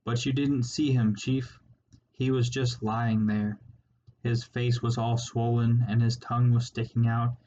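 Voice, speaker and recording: A man voicing a terrified male rodent soldier who talks in a shaky, squeaking way, in a slightly muffled recording. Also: little pitch movement, a little slow, dark tone, natural voice. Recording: slightly muffled with faint hiss.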